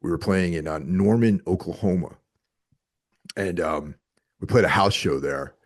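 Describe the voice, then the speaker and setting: A man as a podcast guest, telling road stories in casual chat with animated quoted asides. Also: deep voice, a little slow.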